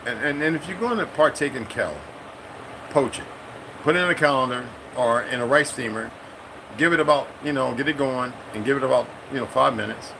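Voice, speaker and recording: Speaking briskly with vocal fry, a middle-aged man who served in the military delivers a rambling, casual monologue full of profanity and street smarts. He lets out sudden high-pitched bursts, and the background is noisy.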